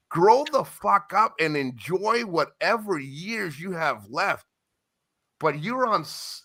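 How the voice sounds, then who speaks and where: Heated, cursing man with a bright voice. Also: high voice, gravelly. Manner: heated, profane, repeats insults, drawn-out words. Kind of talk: angry profane rant to camera.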